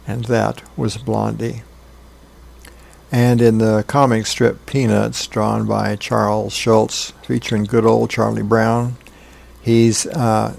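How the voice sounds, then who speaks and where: Man, gravelly, easygoing volunteer reader of the funnies. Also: mid-range voice. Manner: relaxed, plain storytelling with small pauses. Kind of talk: reading comic strips aloud.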